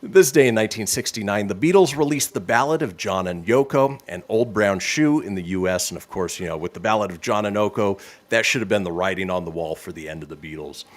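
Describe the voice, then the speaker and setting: A man's voice: lowish voice, brisk, few pauses. A man hosting a radio show, reading this-day-in-history items with casual, joking banter. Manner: lively, laughs often.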